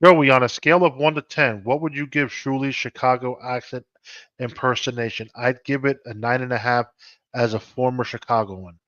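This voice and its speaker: A man's voice: medium pitch, steady tone, moderate pace, fairly bright tone, no room sound. A man hosting a casual live stream, reading out viewer comments with blunt, teasing banter. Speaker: host. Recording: dull dry lo-fi audio.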